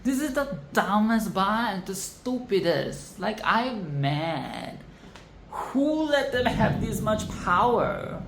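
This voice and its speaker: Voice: medium pitch, sing-song, slow pace, creaky, fairly bright tone. A vlogger ranting about a film in casual commentary, swearing, exasperated and repeating phrases for emphasis. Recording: echoey room with faint background noise.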